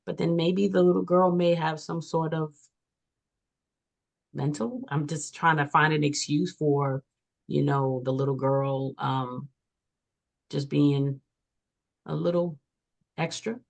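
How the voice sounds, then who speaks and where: A woman's voice: low voice, steady tone, takes it slowly, vocal fry, pauses often. A woman co-host in a casual panel chat, choosing her words carefully. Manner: thoughtful, searches for words.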